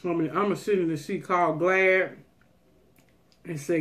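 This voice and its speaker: This woman's voice sits low yet sounds fairly bright, with fairly even intonation and a moderate pace. As a folksy food vlogger doing a relaxed mukbang, she addresses viewers directly and slides into preaching at them.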